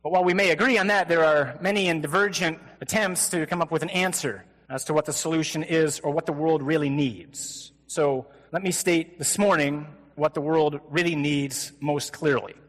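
A priest preaches to a men's conference with humor and energy, sometimes mimicking a flat, droning reader. His voice sits a touch high. A long hall reverb trails behind every phrase. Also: normal speed, hardly any pauses. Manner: animated, joking, mimics flat gospel readings. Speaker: Catholic priest. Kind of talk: conference sermon.

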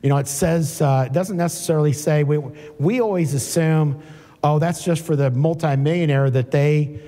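A slightly high but dark-toned male voice, at normal speed, carries a conversational sermon. He reads scripture aloud and interrupts himself with asides, all under a long hall reverb.

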